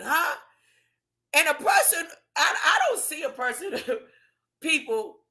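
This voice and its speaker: Woman, high bright voice, unhurried, animated informal Bible teaching, rhetorical asides. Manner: animated, rhetorical, tag questions, colloquial. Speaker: preacher teaching scripture.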